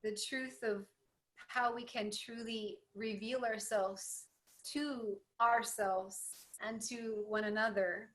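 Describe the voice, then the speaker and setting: A woman's voice: fairly high pitch, steady tone, slow, fairly bright tone, rough recording. A woman hosting a spiritual interview, earnest and affirming toward her guest. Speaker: host.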